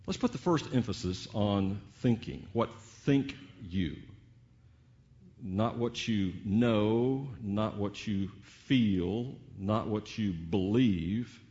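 A man preaching a sermon in a teacherly way, slowing down on key words and asking rhetorical questions. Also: on the low side, mellow, muffled recording. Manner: teacherly, varied emphasis with drawn-out pauses and rhetorical questions.

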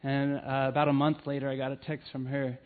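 A man's voice: mid-range voice, level tone, brisk. Earnest man preaching over a tinny line. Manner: earnest storytelling with frequent fillers. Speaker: church family ministry leader. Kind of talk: sermon with personal stories. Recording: tinny phone-like sound.

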